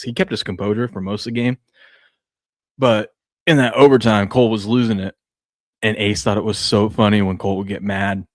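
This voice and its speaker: A man's voice: lowish voice, no echo, clean studio sound. A man in his thirties, a co-host, casually chatting and telling family stories with plenty of laughs. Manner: laid-back storyteller, laughs a lot. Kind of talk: casual sports show chat.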